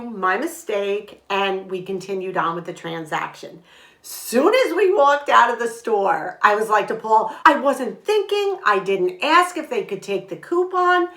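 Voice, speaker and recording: An older woman talks to the camera in a chatty, lively way, telling a story and acting out what people said. Her pitch sits in the middle range. The room around her is echoey, and the sound comes from a camera mic at home. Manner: chatty and animated, retelling with quoted dialogue. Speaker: vlog host. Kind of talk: casual storytelling vlog.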